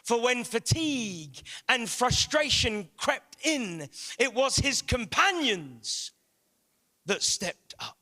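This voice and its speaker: A man preaching a sermon in a large church hall, impassioned, with rising shouts. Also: very high voice, sing-song, takes it slowly. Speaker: guest pastor.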